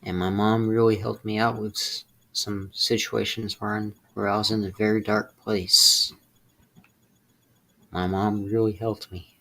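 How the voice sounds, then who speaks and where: A young man with a low, gravelly voice talks through a painful personal confession. He halts and restarts, sounds close to tears, and swears out of frustration. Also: little pitch movement, bright, forceful tone. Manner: halting, tearful, swearing in frustration. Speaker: streamer.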